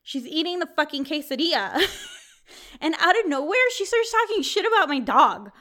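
Young woman ranting a story on a podcast, kinda high voice, lots of swearing and laughs. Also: moderate pace. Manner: animated, swears freely, laughs often. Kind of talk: casual storytelling chat.

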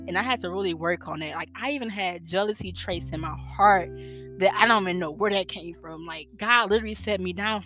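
A young woman giving an earnest, faith-based motivational talk, with rhetorical questions and a preacher-like way of speaking. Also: lowish voice. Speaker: inspirational speaker. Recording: guitar music bed under voice. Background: guitar music.

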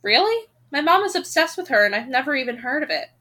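Woman reading a novel aloud, high and bright, plain casual delivery. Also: big pitch swings, fast. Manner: breaks off reading to rant, swearing and laughing; quiet, low-key aside after the break. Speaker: audiobook reader. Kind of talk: reading a novel aloud with her own reactions.

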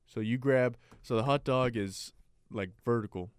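This podcast co-host's mid-range voice moves at a moderate pace while he chats loosely about sports, filling gaps with ums and breaking into easy laughter. Studio-quality recording keeps the tone clean, without any room sound.

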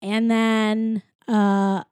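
A woman's voice: medium pitch, level tone, extremely slow, darkish tone, clear, resonant tone, no room sound, studio quality. A woman casually retelling a film's plot as a podcast co-host, chatty and full of fillers. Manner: chatty, lots of filler and quoted voices.

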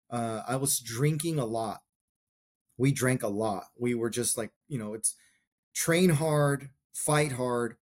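Guest: man in his forties, earnest veteran, mid-pitched, reflective storytelling. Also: darkish tone. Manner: earnest, reflective, talks in short plain clauses. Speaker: podcast guest, combat veteran. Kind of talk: personal storytelling in a conversation.

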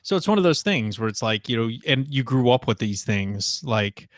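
A man's voice: mid-range voice, sing-song, normal speed, no room sound. Guy in his 30s rambling, says like a lot, dry close mic. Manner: rambling, lots of fillers and likes. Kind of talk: casual chat.

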